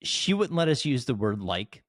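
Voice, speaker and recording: A man's voice: mid-range voice, sing-song, normal speed, dry recording. Chatty male podcast host, dry sound. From South Jersey, United States. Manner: chatty, rambling, many fillers and restarts. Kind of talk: casual interview chat.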